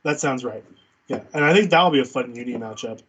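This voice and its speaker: A man's voice: medium pitch, a little fast, fairly bright tone, husky, highs cut off. A man co-hosting a casual baseball watch-party stream, laid-back, laughing easily and trailing off. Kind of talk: casual chat.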